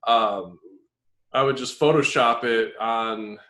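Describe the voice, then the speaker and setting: A man in casual podcast chat, relaxed and hesitant, with many fillers. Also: mid-range voice, takes it slowly. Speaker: podcast co-host.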